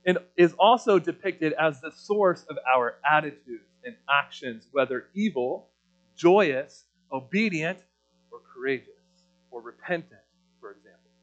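A man's voice: on the high side, fairly bright tone, lo-fi sound. A man preaching a sermon in a loose, conversational way, with many fillers and restarts.

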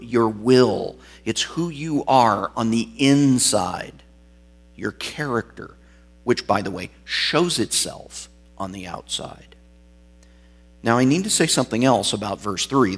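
A man's voice: medium pitch, a bit bright, breathy edge. A male pastor preaching an expository sermon, reading and explaining scripture with varied emphasis.

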